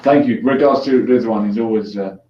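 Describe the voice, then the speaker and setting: A man's voice: lowish voice, fairly quick, mellow, a little hiss or hum. Joking man hosting a call-in show, echoey. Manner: chatty and joking, laughs easily. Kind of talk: casual call-in chat. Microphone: headphones on, mic at a distance. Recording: echoey room, distant dull lo-fi mic.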